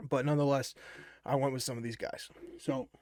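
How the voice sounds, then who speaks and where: A man's voice: mid-range voice, little pitch movement, fairly quick, darkish tone, no room sound, clean studio sound. A young man casually telling a personal story, rambling and swearing a lot, full of fillers, wired on energy drinks. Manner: rambling and profane, with many fillers.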